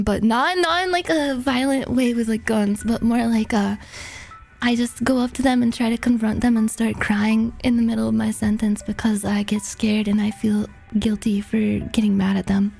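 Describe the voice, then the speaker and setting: A woman's voice: fairly high pitch, fairly even intonation, normal speed, vocal fry, darkish tone, faint music behind. A woman streamer in casual chat, rambling and laughing, with lots of "like" fillers. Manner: rambling and laughing, heavy use of "like".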